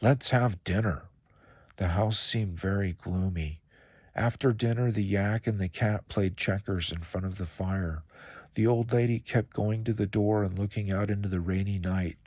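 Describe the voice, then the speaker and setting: A man reading a children's picture book aloud in a calm, measured storytelling voice. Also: on the low side, no room sound, clean studio sound.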